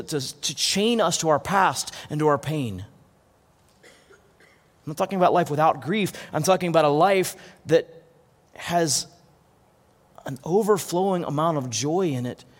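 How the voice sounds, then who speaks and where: A man preaching a sermon as pastor, earnest, often restarting and repeating words. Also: on the high side. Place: church hall. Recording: long hall reverb.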